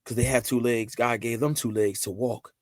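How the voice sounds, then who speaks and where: A man's voice: mid-range voice, moderate pace, no room sound. A man sits as a podcast guest and talks easily and with emphasis. His voice sits mid-range, and the room around it is dry. He builds his points by repeating himself and tossing in friendly asides. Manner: animated, emphatic storytelling with lots of repetition; loose colloquial phrasing, frequent "you know what I'm saying". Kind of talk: casual conversational interview.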